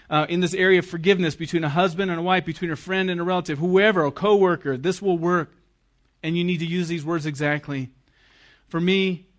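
A man's voice: on the high side, fairly bright tone. A middle-aged man, a pastor, preaching a sermon emphatically and acting out the voices he quotes.

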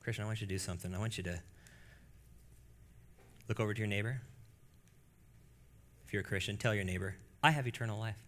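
Bright-voiced preacher, animated delivery. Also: male voice, quick pace, long pauses, slight background noise. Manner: animated preaching that swings from hushed to loud and high. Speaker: pastor. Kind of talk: sermon. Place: church.

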